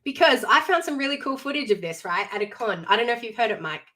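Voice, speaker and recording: A woman co-hosting an entertainment live stream, chatting in a casual, expressive way with emphatic reactions. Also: a little high, fast talker. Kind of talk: casual chat.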